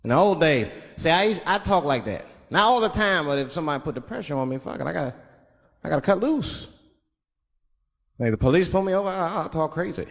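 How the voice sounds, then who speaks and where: A man's voice: fairly high pitch, animated, brisk, a bit bright. A male stand-up comedian telling loose, profane stories and slipping into voices. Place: live comedy stage. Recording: reverberant stage with audience.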